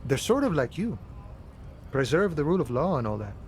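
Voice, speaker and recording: A man's voice: a little high, very animated, fairly quick, darkish tone, slight background noise. An actor playing a laid-back, philosophical male dock worker in a video game, with an easygoing, folksy manner. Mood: musing. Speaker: game character.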